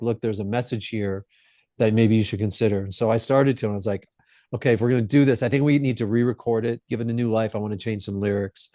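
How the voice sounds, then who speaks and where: A man's voice: on the low side, darkish tone, no echo, studio quality. A man who is a rock singer, the guest on a podcast, telling stories in an earnest, reflective way. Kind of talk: casual interview storytelling.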